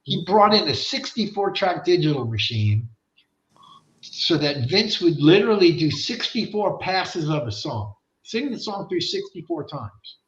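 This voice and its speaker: A man guesting on an interview show, telling a rowdy, profane story in an animated way and acting out the voices of the people in it. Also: fairly high pitch, measured pace, echoey room, lo-fi sound. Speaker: guest rock singer.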